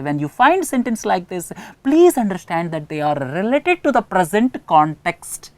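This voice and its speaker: A woman with an Indian English accent teaches an English lesson, repeating key phrases to drive points home. Her voice sits very low, yet her intonation rises and falls in a lively way. The recording is dry and close. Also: measured pace, few pauses, dry recording. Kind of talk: recorded lecture explaining an editorial.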